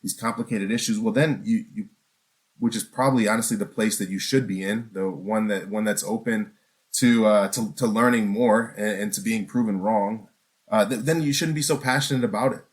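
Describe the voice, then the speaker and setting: A man's voice: fairly low pitch, normal speed. A man preaching a sermon in an earnest, conversational way, asking the listeners questions and often restarting his sentences. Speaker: pastor.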